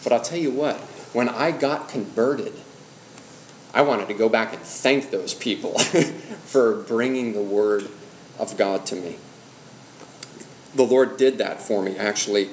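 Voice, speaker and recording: A middle-aged male pastor teaches a church class on evangelism conversationally, asking the room questions and sharing personal stories, his lowish voice a little slow. The sound is that of a roomy hall with a faint hum.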